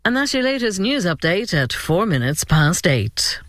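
A man reads the radio news in a measured, even voice, pitched a little high for a man. The studio sound is dry and close, with no room around it. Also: no echo. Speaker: newsreader. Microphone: studio mic.

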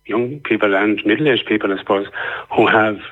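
An Irish man calling in to a radio phone-in and arguing his point earnestly at length, with many pauses and fillers. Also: fairly low pitch. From Ireland. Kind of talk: call-in debate. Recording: tinny phone line.

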